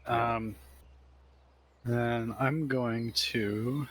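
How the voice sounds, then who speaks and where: A man playing a tabletop game, describing his actions in a slow, hesitant way, often laughing. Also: mid-range voice, fairly even intonation, fairly bright tone, slight background noise. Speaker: player. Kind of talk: casual tabletop play.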